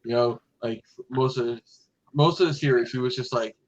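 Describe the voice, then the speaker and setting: A man's voice: mid-range voice, moderate pace, lo-fi sound. A man hosting a casual fan podcast, talking in a rambling way with lots of fillers and restarts. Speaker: podcast host.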